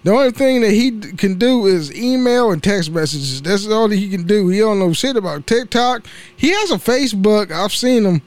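A young man with a notably high voice talks through his solo podcast in loose, casual chat. He rambles from topic to topic, swears freely and laughs at his own slips of the tongue. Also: animated, moderate pace, darkish tone, no echo. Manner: rambling, profane, laughs at himself. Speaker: podcast host.

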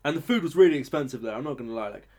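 A young man, telling stories in casual chat, sweary and animated, acting out quotes loudly. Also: mid-range voice, very fast.

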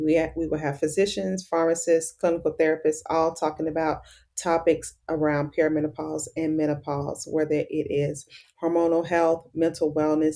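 Low-voiced woman, earnest explainer. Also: warm tone. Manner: earnest, explanatory, many fillers. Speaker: pharmacist and menopause educator, guest. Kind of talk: casual interview.

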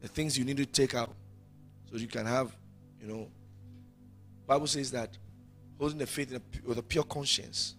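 A man preaching a sermon as pastor, rising loud and then dropping to quiet. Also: medium pitch, fairly even intonation, moderate pace, pauses often, soft background music.

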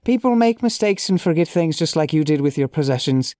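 A man's voice: fairly high pitch, expressive, fairly quick, mellow, dry recording, studio quality, close to an everyday voice. A man voicing a prickly male Irish restaurant owner in a comic reading, putting on an Irish accent and sounding sarcastic and mock-polite.

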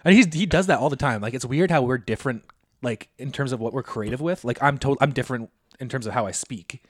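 A man's voice: medium pitch, fast, no room sound, studio quality. A man, co-hosting a podcast and telling rambling, profane stories in casual chat. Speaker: podcast co-host.

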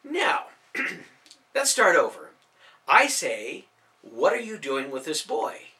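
A man voicing a calm, bold young male hero in an audiobook, wry with a villain and kindly toward children. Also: a little high, moderate pace, pitched above the performer's own voice, exaggerated voice.

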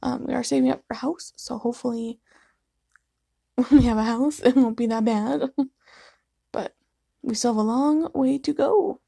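A woman's voice: sits high, a little slow, creaky, long pauses, warm tone, slightly rough, no room sound, clean studio sound. Sleepy young woman podcasting late at night. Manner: rambling, apologetic, laughs often. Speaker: podcast host. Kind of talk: casual solo podcast chat. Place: living room at home.

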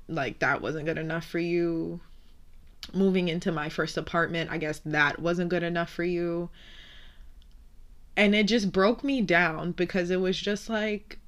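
Tearful young woman, candid and low. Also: fairly bright tone. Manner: candid and emotional, swearing, fighting back tears. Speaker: podcast host. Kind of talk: emotional personal storytelling.

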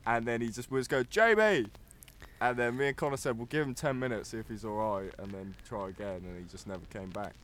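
Animated young storyteller. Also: male voice, lowish voice, fast, few pauses, a little hiss or hum. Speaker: podcast co-host. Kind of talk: casual podcast banter.

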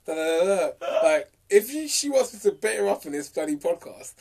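A man's voice: high-pitched, sing-song, brisk, gravelly, a little mellow, husky. A young man, co-hosting a casual podcast chat, teasing and laughing often. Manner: teasing, laughs a lot, slangy. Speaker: podcast co-host.

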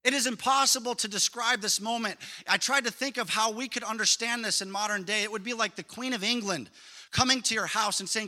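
A man preaching a sermon as a pastor, lively and emphatic, telling stories. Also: very high voice, brisk.

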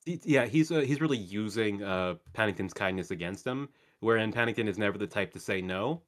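A man co-hosting a podcast in casual chat, sardonic and casually profane, with halting restarts. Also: lowish voice. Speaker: podcast co-host.

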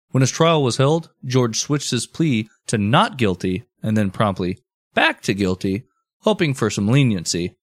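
Brief: male podcast storyteller, mid pitch, easygoing narration with comic asides, dry mic. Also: dry recording. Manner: relaxed storyteller, drifts into joking asides. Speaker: podcast host telling the story.

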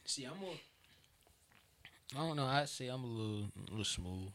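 A young man in casual chat, relaxed, often trailing off mid-thought. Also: medium pitch, normal speed. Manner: relaxed, keeps saying "you feel me", trails off.

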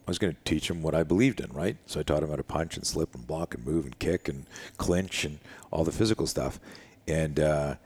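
An older man, a self-defense instructor, telling a story in an interview in a casual, animated way and acting out the dialogue. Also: rumbling low, brisk, husky. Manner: animated, acts out quoted dialogue, casual with frequent "dude" and "like".

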